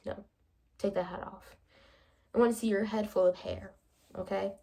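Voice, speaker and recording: Young woman, gravelly voice, casual vlog chat, playful, acts out both sides. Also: mid-range voice, steady tone, moderate pace, dark tone. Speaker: vlogger. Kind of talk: casual chatty vlog monologue.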